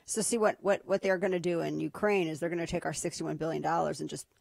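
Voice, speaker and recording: A woman's voice: sits low, fast talker, gravelly, no echo. A woman hosting a political talk radio show, speaking casually with a sarcastic, mocking edge. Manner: sarcastic, mocking, lively asides.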